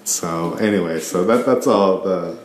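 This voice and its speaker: Rambling profane man, lowish voice, echoey room. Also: a little slow. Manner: profane, rambling, stumbling over repeats. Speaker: podcast host. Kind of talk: casual solo podcast rant.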